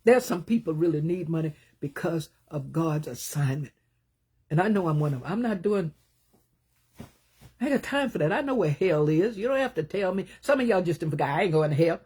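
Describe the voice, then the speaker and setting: This woman's sermon is animated and a little fast, delivered in a slightly rough voice. She speaks passionately and emphatically, rising to loud bursts and then dropping into low, hushed asides.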